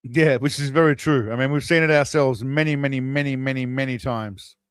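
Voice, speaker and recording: A man's voice: medium pitch, fairly even intonation, a little fast, clean tone, no echo. Casual male streamer, talks loosely to chat, dry close mic. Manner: rambling, chatty, speaks to viewers. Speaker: streamer host.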